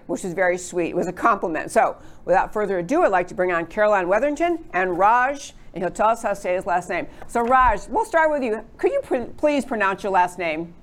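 A woman hosting a political talk show, chatting with rambling asides as she introduces her guests. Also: mid-range voice. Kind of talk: conservative talk show monologue.

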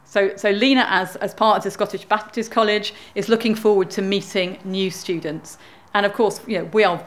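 Female worship leader, informal, talks with the congregation. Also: medium pitch. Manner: informal, chatty address to the congregation. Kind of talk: leading a church service.

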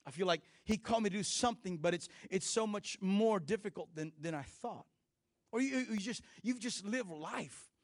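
Man, high-pitched, dry recording, middle-aged, conversational sermon, animated asides. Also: normal speed, no room sound. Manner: conversational and animated, with many restarts and playful asides. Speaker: pastor.

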